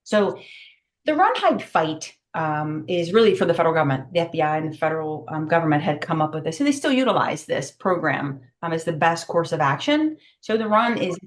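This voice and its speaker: A middle-aged woman with a somewhat low voice leads a virtual safety training. She talks briskly and emphatically, filling pauses with "um", heard over a video call. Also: sing-song. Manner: brisk, emphatic, many fillers.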